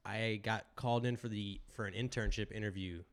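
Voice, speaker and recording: A man's voice: fairly low pitch, fairly even intonation, a little fast. A man hosting a casual podcast chat, laid-back, mostly short reactions before he tells his own story. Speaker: podcast host.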